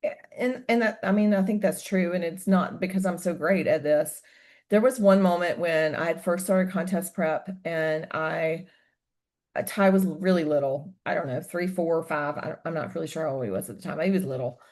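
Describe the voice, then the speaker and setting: A woman's voice: fairly low pitch, moderate pace, a little mellow. A woman guesting on a casual podcast, talking candidly and animatedly, telling personal stories and swearing casually. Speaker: podcast guest, host's wife.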